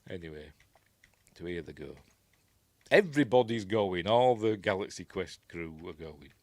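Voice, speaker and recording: A man's voice: sits low, lively intonation, normal speed, a little mellow, dry recording. A man with a Yorkshire accent hosting a casual film commentary, rambling and chuckling as he corrects himself. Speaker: host.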